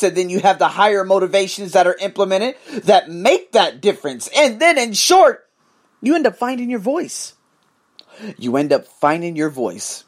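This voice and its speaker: A man's voice: on the high side, slightly rough. A man hosting his own podcast, ranting in a profane, emphatic solo monologue. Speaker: podcast host.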